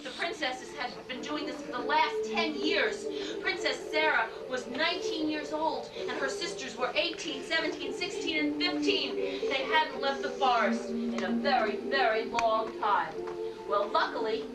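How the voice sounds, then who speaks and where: A woman entertaining children at a birthday party, leading them through acting games and telling a fairy tale in an animated, coaxing way. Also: high voice, a little slow, heavy background noise. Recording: roomy, distant home-video camcorder sound with loud music.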